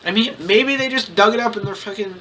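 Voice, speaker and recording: A man's voice: high-pitched, crowd noise. A young man reading a fan story aloud and chatting, laughing easily as he goes. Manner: giggly, quick to laugh. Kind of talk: comedic reading with banter.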